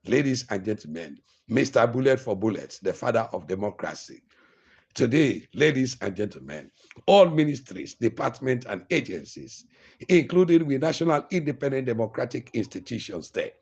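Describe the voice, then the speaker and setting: Sierra leonean guy giving a speech, big rhetorical lists, lively pitch. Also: vocal fry, slightly rough, highs cut off. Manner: oratorical, repetitive lists. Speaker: political speaker. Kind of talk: political speech.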